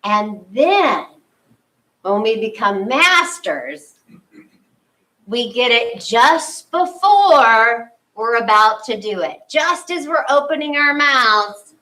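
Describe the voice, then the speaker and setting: Woman spiritual leader, fairly high, bright voice; chatty sermon with acted-out asides, distant mic. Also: takes it slowly. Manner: animated, acts out her own inner thoughts. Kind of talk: conversational sermon.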